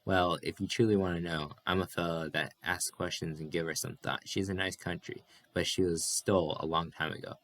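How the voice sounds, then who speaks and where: A man's voice: low voice, fairly even intonation, a little fast, hardly any pauses, a bit bright. A man voicing a weary, bitter migrant worker in an audiobook reading, drawling and blunt.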